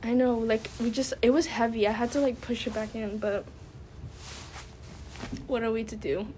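Young woman cohost rambling on, says like a lot, kinda high voice, light background hiss. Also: fairly even intonation, normal speed, darkish tone. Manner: rambling storyteller, fills every phrase with "like". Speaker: podcast co-host. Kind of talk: casual chat.

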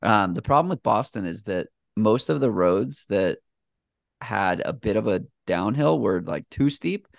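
A man speaks as a guest on a podcast, easygoing and rambling, with lots of pauses and fillers. His voice sits low with a gravelly, fry-tinged edge. The sound is dry and close, with no room around it. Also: animated, no echo. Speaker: podcast guest, shoe reviewer. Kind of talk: casual conversation.

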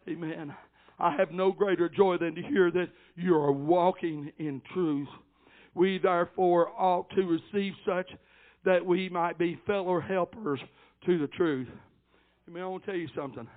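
High-voiced older preacher, tinny recording. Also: male voice, normal speed. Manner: fervent preaching cadence, peppered with amens, swelling to shouts. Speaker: pastor. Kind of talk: sermon. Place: church service.

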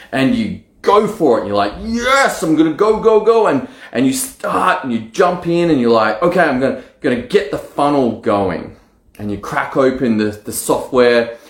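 Male coach, mid pitch, lively self-talk, roomy recording. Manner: energetic, acts out excited self-talk. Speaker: marketing coach. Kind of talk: solo direct-to-camera talk. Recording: roomy echo.

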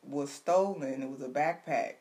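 A woman co-hosting a casual chat, animated and teasing, recapping gossip and news with loud laughs. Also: very deep voice, moderate pace. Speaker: podcast co-host.

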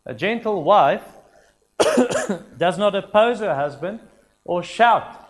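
A man's voice: sits high, animated, takes it slowly. A man preaching a sermon in an earnest, emphatic way, repeating his key phrases.

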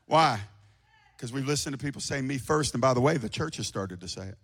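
A man preaching an impassioned sermon to a congregation, swinging from shouting to hushed tones. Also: medium pitch, expressive, quick pace, breathy edge. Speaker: pastor. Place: church before a congregation.

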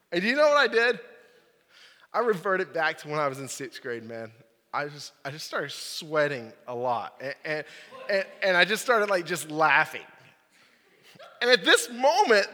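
Young guy youth pastor, kinda high bright voice, loose jokey sermon, echoey church hall. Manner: casual, joking storyteller with many "like"s and "right?"s. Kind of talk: sermon with personal story. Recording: large hall with long reverb.

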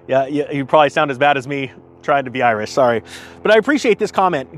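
A man's voice: a little high, lively intonation, rapid-fire, fairly bright tone. A man hosting a casual morning vlog, chatty and self-deprecating as he reads out viewer comments and reacts to them. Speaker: vlogger host. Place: outdoors at sunrise.

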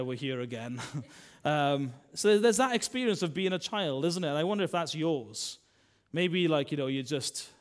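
A man, a minister preaching a sermon in a chatty style, full of tag questions and swings between loud and soft. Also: on the high side.

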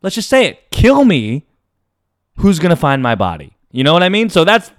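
A podcast host telling a story in a casual, animated and dramatic way. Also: male voice, a little high, normal speed, no room sound, clean studio sound.

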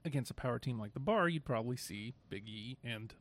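A man from Chicago co-hosting a casual wrestling podcast, talking in an easygoing, steady way. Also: mid-range voice, a little fast. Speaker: podcast co-host.

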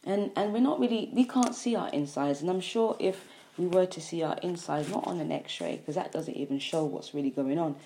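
Mellow, low-voiced woman preaching about health. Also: a little hiss or hum. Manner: earnest, emphatic, repetitive lists. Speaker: health speaker. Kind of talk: impassioned health monologue.

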